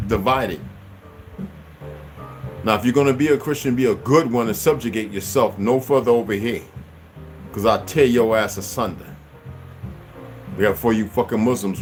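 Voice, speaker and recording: Angry profane man ranting loudly. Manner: angry, profane, swings loud and high. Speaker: channel host. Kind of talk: profane rant to camera.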